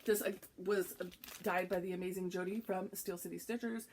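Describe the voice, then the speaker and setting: A woman vlogger chatting excitedly and casually to camera while unboxing a craft box, with frequent ums and little laughs. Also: lowish voice, a little fast, slight background noise.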